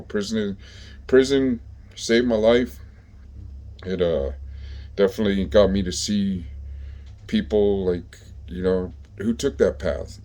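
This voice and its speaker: A man with a very low, mellow voice tells stories from his own past in an easygoing way. His talk is rough and profane, and he keeps stopping for fillers as he thinks. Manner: profane, laid-back street talk with many fillers. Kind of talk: casual storytelling.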